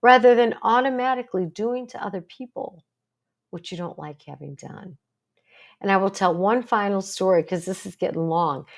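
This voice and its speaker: An older woman talking to camera as a psychologist, earnest and storytelling, with plenty of rhetorical questions. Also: mid-range voice. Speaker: psychologist and support group host. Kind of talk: casual talk to camera.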